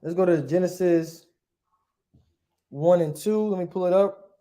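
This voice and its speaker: Man, unhurried teacher, slightly high voice, echoey room, informal lesson style. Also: steady tone, warm tone. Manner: casual, repeats "right?" often, pauses to look things up. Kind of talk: informal Bible language lesson.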